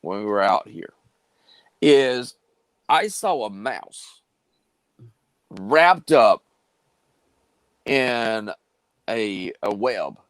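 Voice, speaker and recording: Low-voiced man telling a rambling story. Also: lively intonation, very slow, pauses often, clean tone, no room sound, low-quality recording. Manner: drawling, rambling with many fillers and restarts. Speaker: live stream host. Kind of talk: casual storytelling on a live stream.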